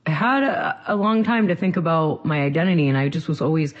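A man from central Massachusetts, a singer being interviewed, talking casually in quick rambling bursts full of restarts. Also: fairly high pitch, animated, highs cut off.

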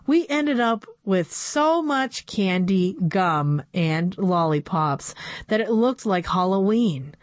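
A woman's voice: mid-range voice, animated, slow, dry recording. A woman narrating a children's book in a playful first-person storytelling voice. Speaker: audiobook narrator.

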